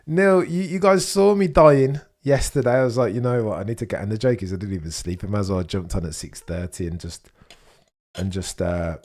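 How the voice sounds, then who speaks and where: A young man talks casually on a live stream. His voice sits a little low, and he chats freely as he reads out and answers viewers' messages. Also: steady tone, fast talker, dark tone. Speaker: livestream host. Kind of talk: casual live watchalong commentary.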